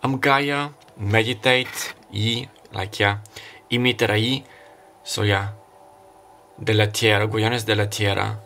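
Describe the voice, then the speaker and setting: Low-voiced man giving a rambling tarot reading. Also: pushed and bright, slight background noise. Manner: meandering, thinking aloud with fillers. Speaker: tarot reader. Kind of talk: casual intuitive tarot reading.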